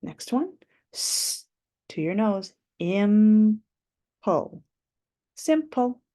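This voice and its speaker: A woman's voice: lowish voice, expressive, slow, gravelly, warm tone. A woman teaching a phonics lesson to young children, patiently stretching out letter sounds and syllables.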